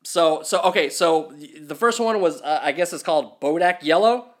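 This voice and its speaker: A man's voice: fairly high pitch, normal speed. A man co-hosting a casual podcast chat, blunt and profane, often stumbling over repeated words as he starts a sentence. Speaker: podcast co-host.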